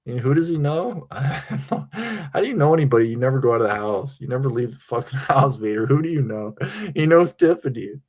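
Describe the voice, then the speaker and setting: A man hosts a live stream and rambles casually to his chat. He giggles often and swears freely, mocking his rivals. His voice sits at an ordinary, middling pitch. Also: lively intonation, fairly quick, darkish tone. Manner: giggly, profane, mocking banter. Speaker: livestream host.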